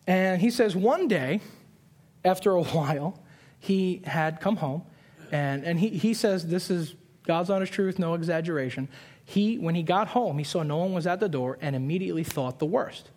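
A young man preaching from a pulpit, his voice sitting a little high for a man. He tells stories with animated put-on voices and quick asides, then turns earnest and repeats his key lines for emphasis. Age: 20s. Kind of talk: sermon.

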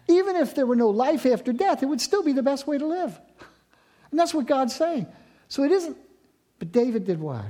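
A man in his sixties, a pastor preaching a sermon, moving from loud emphatic lines to hushed near-whispers. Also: very high voice, big pitch swings, fairly quick.

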